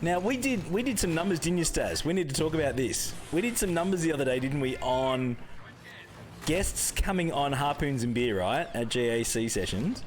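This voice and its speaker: A man's voice: a little high, expressive, moderate pace, slight background noise. A young Australian man hosting a live gaming stream, chatting casually with viewers, greeting them by name and laughing often.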